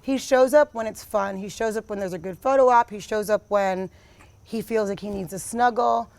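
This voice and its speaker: A woman's voice: mid-range voice, normal speed, vocal fry, a little mellow, dry recording. A woman in her thirties, a guest in a candid interview, talking bluntly and emphatically, full of "like" and "you know". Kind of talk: candid personal conversation.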